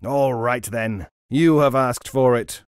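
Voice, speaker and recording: Murderous robber, voiced by a male reader: hushed, low, slow and threatening. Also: animated, dry recording, clean studio sound. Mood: menacing.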